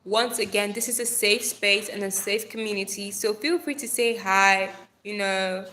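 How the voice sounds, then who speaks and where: A woman's voice: medium pitch, steady tone, normal speed, sharp tone, a little hiss or hum. A young woman hosting a casual live stream from her phone, bubbly and playful, chatting with viewers, calling them darling and swearing now and then. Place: Nigeria.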